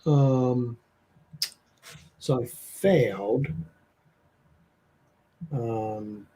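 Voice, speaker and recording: A man's voice: medium pitch, drawn-out words, mellow, slightly rough. A man playing a tabletop horror game, describing his character's actions in a hesitant way, with lots of ums and you-knows. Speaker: player.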